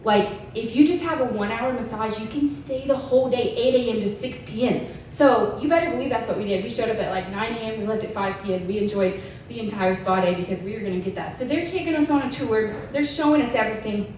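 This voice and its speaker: A woman in her 30s with a rather high, slightly mellow voice speaks quickly, telling a chatty story at a conference and saying "like" a lot. She's recorded from a distance in an echoey conference hall, with faint hiss in the background.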